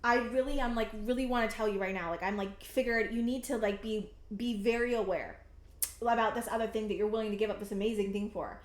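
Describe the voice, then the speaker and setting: A woman in her thirties reads tarot cards in a slightly high voice, her sentences halting and circling back with fillers as she searches for meaning. She speaks with earnest emotional intensity. The sound carries a noticeable echo, as if from a bare room. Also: steady tone. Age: 30s. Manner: rambling, halting and earnest, many fillers and restarts; emotionally intense, close to tears at times. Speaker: tarot reader. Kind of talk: pick-a-card tarot reading.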